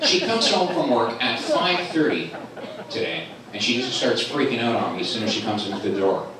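A man doing a stand-up comedy set in a club, loud, animated and teasing the audience. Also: medium pitch, normal speed. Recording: roomy club sound from a distant camera, crowd laughing. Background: audience laughter.

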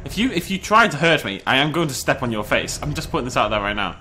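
A British man giving excited, chatty commentary on a dinosaur survival game, breaking into laughs and shouts. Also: mid-range voice, fast, slight background noise. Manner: animated, shouts and laughs in bursts. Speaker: gameplay commentator. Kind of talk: excited let's-play commentary.

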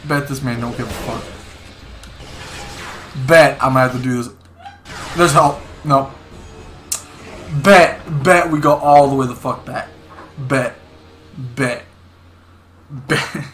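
A young man streaming a game, excitedly commenting, swearing and repeating words to himself. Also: medium pitch, slow pace, long pauses. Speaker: gaming streamer. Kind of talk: casual gameplay commentary.

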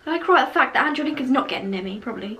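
A woman's voice: high voice, expressive, racing, pushed and bright, slight background noise. A young woman vlogging her reaction to an old video of herself, chatty, giggly and self-mocking.

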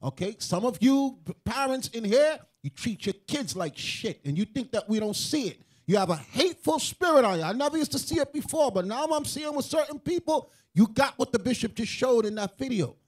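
A man with a very high voice preaches to a room, hammering each point and often breaking into loud, forceful calls. His delivery is emphatic and confrontational. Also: animated, fairly quick, hardly any pauses. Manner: emphatic, rising to shouts. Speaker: teacher in a religious group.

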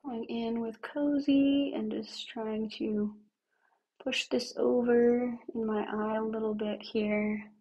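Raspy-voiced woman chatting through makeup. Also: mid-range voice, highs cut off. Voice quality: raspy, like a smoker. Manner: chatty, thinks aloud while working, drops to near-whispers. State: lingering cough. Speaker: livestreamer. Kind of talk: casual makeup tutorial chat.

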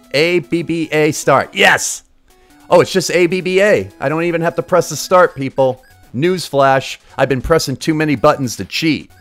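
Brief: male game streamer, casual crude sarcastic commentary, slightly high pitch. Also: no room sound. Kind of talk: casual live-stream commentary while gaming.

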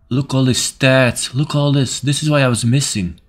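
A man giving casual commentary over his own gameplay, excitable and swearing at enemies. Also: mid-range voice. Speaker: gaming video host.

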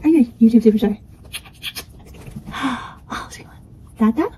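A woman's voice: a little high, moderate pace, mellow, slight background noise. A mother at home coaxing her baby in repetitive, sing-song baby talk.

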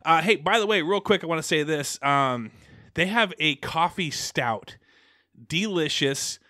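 A man's voice: on the high side, lively intonation, a little slow, pushed and bright, dry recording, clean studio sound. A young man hosting a casual podcast, rambling with lots of fillers and restarts, a little out of breath. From Pacific Northwest. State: slightly out of breath. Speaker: podcast host.

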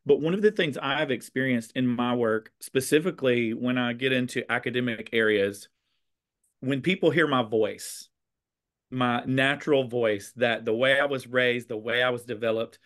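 A man from the American South with a Southern accent, chatting over a video call about teaching, expressive with a little sass. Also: medium pitch, moderate pace. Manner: expressive, a bit sassy, warm storytelling. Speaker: teacher and conversation host. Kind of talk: casual video chat.

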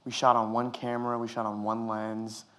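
A man answering interview questions in a measured, reflective way with some hesitations. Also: mid-range voice, monotone, pushed and bright. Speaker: actor guest.

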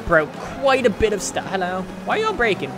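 A man commenting on his racing game play in a chatty, self-mocking way, with sudden excited outbursts. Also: sits high, fairly quick, noisy background. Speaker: gaming channel host.

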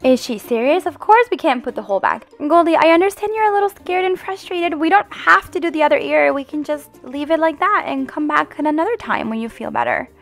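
A woman hosting a game roleplay as the mom, talking in an animated, playful, motherly coaxing way. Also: sits high, fairly quick, hardly any pauses, faint music behind. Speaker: host and roleplayer playing the mom. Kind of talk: casual game roleplay chat.

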